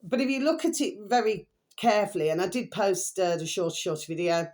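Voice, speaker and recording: A woman's voice: medium pitch, lively intonation, fairly quick, a little mellow. A woman in her fifties from England, talking to her viewers in a meandering monologue full of pet phrases and restarts. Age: 50s. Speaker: vlogger.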